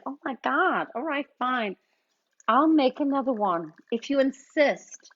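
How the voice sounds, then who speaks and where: A woman's voice: high voice, expressive, a little slow. A middle-aged woman casually chatting and greeting viewers while she mixes cocktails on a livestream. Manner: chatty, playful, reads out viewer names. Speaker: livestream bartender host. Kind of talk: casual livestream chat while mixing drinks. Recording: dull lo-fi stream audio.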